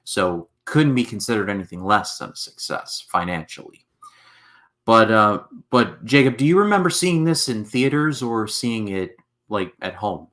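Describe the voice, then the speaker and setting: A young man hosting a casual movie podcast, relaxed and steering the talk with a few fillers. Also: fairly low pitch, normal speed. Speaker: podcast host.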